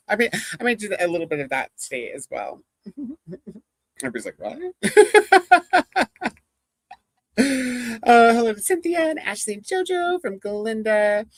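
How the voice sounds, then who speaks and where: Speaking in a mid-range voice with big swings in pitch, this streamer takes their time while casually chatting with live viewers. There's plenty of rambling and laughter, plus comments read out loud, all with no room sound.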